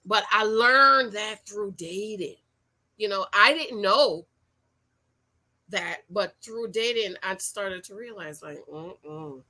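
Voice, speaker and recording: A middle-aged woman hosting a casual livestream about dating, reading viewer comments, animated and repeating her points in slang. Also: mid-range voice, slow. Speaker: livestream host and dating coach.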